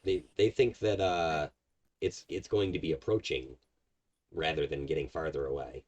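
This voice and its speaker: A man's voice: rumbling low, steady tone, normal speed, a little mellow. A man narrating as game master of a tabletop game, explaining at length with many fillers. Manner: rambling, filler-heavy explaining.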